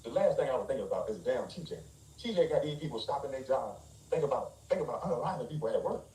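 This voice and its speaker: Man, blunt mocking rant, scornful laughs, quick delivery, echoey distant sound. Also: medium pitch, expressive, mellow. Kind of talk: ranting commentary. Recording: roomy, off-mic.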